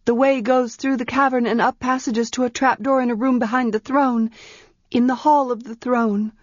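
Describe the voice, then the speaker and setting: A woman reading a story, voicing a frightened young woman lost in the dark, pleading and fearful. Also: fairly high pitch, steady tone, moderate pace, no room sound, lo-fi sound, pitched above the performer's own voice, natural voice. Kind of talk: audiobook character reading.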